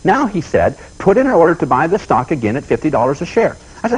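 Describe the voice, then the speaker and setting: Fast-talking folksy man with a husky voice. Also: fairly high pitch, low-quality recording. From United States. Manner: folksy storyteller, animated, repeats himself. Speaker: seminar speaker. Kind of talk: motivational talk.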